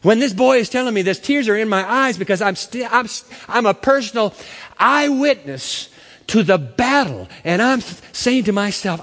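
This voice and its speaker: A man's voice: sits high, lively intonation, normal speed, fairly bright tone. A man preaching a sermon as pastor, impassioned and emphatic, with dramatic swings. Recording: echoey church hall.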